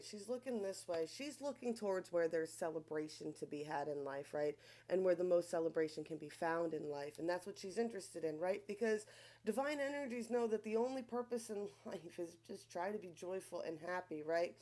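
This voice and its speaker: In a mid-range, dark-toned voice, a Long Island woman reads tarot casually, swearing freely and chatting away. She tags many of her points with a questioning "right?"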